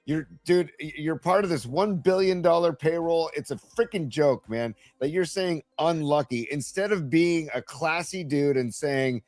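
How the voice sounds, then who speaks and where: A man's voice: on the high side, normal speed, few pauses, darkish tone, dry recording, studio quality. A man hosting a casual sports podcast, ranting in exasperation as he plays clips. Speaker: host.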